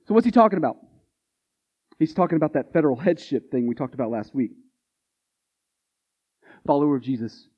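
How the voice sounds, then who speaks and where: A male pastor preaches in a chatty, emphatic way and keeps firing rhetorical questions at his listeners. His voice sits high for a man. The recording sounds muffled and lo-fi. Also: darkish tone. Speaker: Baptist pastor. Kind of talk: sermon.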